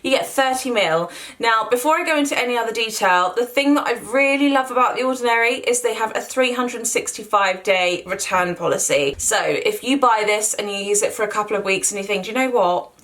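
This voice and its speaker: A woman's voice: fairly high pitch, fairly quick, fairly bright tone. A young woman giving an enthusiastic, chatty skincare review to camera as a beauty vlogger. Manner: chatty, enthusiastic, filler-heavy.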